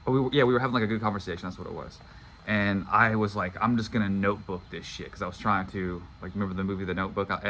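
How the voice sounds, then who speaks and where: A man's voice: sits low, fairly bright tone, slight background noise. A young man telling a personal story to his viewers in a casual, rambling way, filling his talk with "like". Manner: casual, rambling, heavy use of "like". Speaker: manifestation coach.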